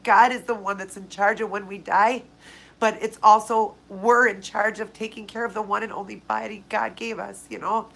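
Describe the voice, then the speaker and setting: A woman's voice: mid-range voice, steady tone, a little fast, vocal fry, fairly bright tone, slight background noise, poor audio. A woman hosting a live viewer Q&A, talking casually and tearfully, speaking straight to viewers by name. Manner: emotional, heartfelt, speaks directly to viewers by name. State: tearful, crying. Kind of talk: casual live-stream chat.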